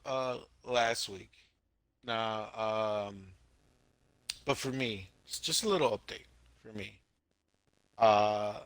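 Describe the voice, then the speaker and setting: Excitable young man with a bright voice. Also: medium pitch, no room sound. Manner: excitable, jokey, repeats words. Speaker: podcast co-host. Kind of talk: casual anime podcast chat.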